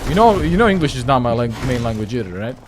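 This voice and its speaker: A man streaming a shooter game with friends, excitable and swearing as he trash-talks in casual banter. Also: medium pitch, fast, background noise. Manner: excitable, swears a lot, mock-outraged trash talk.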